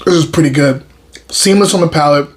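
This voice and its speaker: A man hosting his own show, tasting and reviewing a wine in a relaxed, enthusiastic way and often repeating his words. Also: a little high, a little fast, slight background noise.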